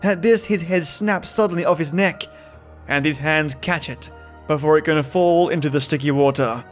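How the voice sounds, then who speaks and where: A man narrating a first-person horror story from a script, measured and tense. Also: on the high side, soft background music.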